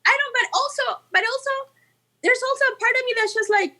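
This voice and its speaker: A Colombian woman musician, a guest in a casual interview, talking in an animated, chatty way with playful, mocking asides. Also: very high-pitched, brisk. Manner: animated and chatty, full of "like" and "you know".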